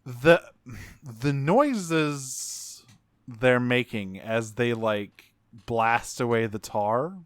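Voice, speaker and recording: A man in casual podcast chat, animated and profane, breaking into silly character voices as he recaps cartoon episodes. His voice is smooth and resonant, recorded close and dry with no room sound. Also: medium pitch, very slow, dry recording. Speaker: podcast co-host.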